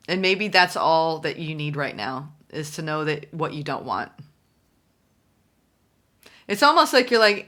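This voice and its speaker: A woman's voice: sits low, animated, a little slow, pauses often, fairly bright tone. Chatty woman reading tarot cards. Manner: chatty, musing, voices the viewer's thoughts. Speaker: tarot reader.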